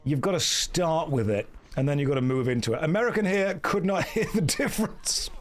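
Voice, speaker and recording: While gaming on a live stream, this thirty-something man from England jokes around with his audience, riffing and putting on mock accents. He talks a little fast, his fairly high voice full of lively intonation.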